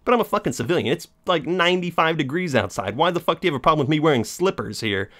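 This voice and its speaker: A young man vlogging a casual story about his day, swearing freely and sarcastically mimicking people he met. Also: quick pace. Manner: animated, profane, sarcastic, mimics others in high voice.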